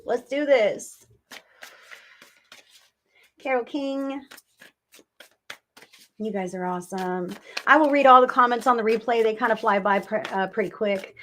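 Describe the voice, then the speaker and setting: A woman hosting a live psychic reading stream, talking to viewers in a warm, soothing, reassuring way and often repeating herself. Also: on the high side, measured pace, pauses often, slight background noise. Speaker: psychic medium livestream host.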